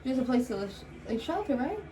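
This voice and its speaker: A woman's voice: sits high, very animated, brisk, dark tone, distant mic. Chatty young woman, off-mic in an echo. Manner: chatty, laughs often, says 'like' and 'literally' a lot. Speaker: vlogger. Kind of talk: casual eating vlog chat. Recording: echoey room, voice off-mic, faint noise.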